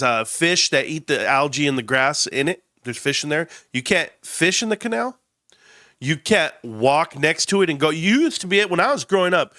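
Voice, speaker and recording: A man's voice: a little high, sharp tone, no echo, studio quality. A man from California hosting a casual stock market livestream, stuffed up and talking in a rambling, emphatic way with many restarts. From Indio, California. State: stuffed-up nose.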